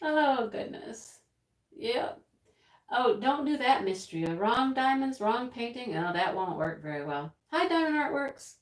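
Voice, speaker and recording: A woman's voice: a little high, very animated, unhurried, reverberant. A woman hosting a casual livestream, chatting and rambling as she reads the chat aloud, often laughing. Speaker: livestream host.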